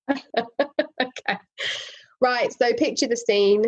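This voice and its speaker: Woman guest, lively storyteller, laughs often, swings pitch up and down. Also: drawn-out words, muffled recording, faint music behind. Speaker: guest, property investor. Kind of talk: casual conversational storytelling.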